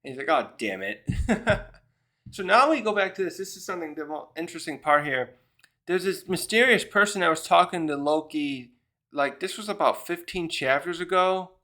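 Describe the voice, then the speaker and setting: A man's voice: high-pitched, normal speed, sharp tone. A man casually recapping a comic chapter, rambling with many fillers and restarts and briefly acting out the characters' lines. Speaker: manga reviewer.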